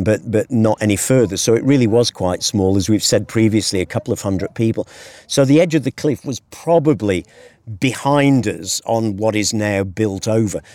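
A British man with a low voice gives earnest, conversational Bible teaching on a hilltop. He often asks rhetorical questions. The sound is close and dry. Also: a little mellow, no echo. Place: hilltop cliff edge outdoors.

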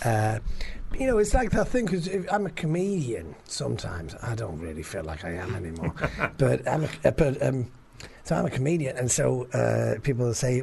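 A man's voice: mid-range voice, animated, moderate pace, creaky, background noise. A man co-hosting a comedy podcast, telling stories in a casual chat, laughing often and swearing freely. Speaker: podcast co-host.

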